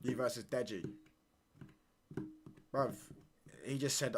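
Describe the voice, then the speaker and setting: A man's voice: medium pitch, moderate pace, long pauses, fairly bright tone, a little hiss or hum. Young man, football watchalong streamer, casual chatty talk, keeps checking you follow. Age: 20s. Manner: chatty, keeps asking "do you get what I'm saying?". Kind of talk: casual live-stream chat.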